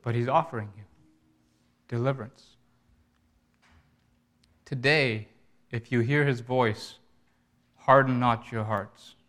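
A man's voice: medium pitch, slow pace, pauses often, fairly bright tone. A man preaching a sermon, telling a story in an earnest way and making pleading appeals to his listeners.

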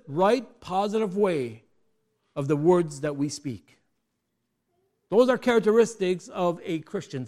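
In a high voice, a man delivers a sermon full of rhetorical questions for the congregation, alternating quiet asides with loud, emphatic high points.

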